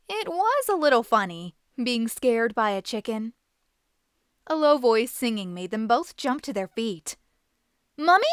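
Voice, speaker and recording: A woman reads a children's story aloud with lively, expressive delivery. Her voice sits a little high and moves a lot. The recording is dry and close. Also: clear, resonant tone, no room sound. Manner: animated, expressive. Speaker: host and storybook reader.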